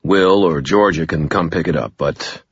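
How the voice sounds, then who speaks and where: A man reading an audiobook, voicing a tired middle-aged male bookshop owner who speaks carefully and quietly. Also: very deep voice, moderate pace, slightly rough, dry recording, muffled recording, exaggerated voice. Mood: guarded, apologetic.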